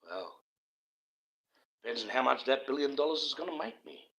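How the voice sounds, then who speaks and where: A man's voice: medium pitch, animated, normal speed, gravelly, a bit bright, poor audio. An Australian man ranting on a live stream in a casual, profane, conspiratorial monologue, often breaking into laughter.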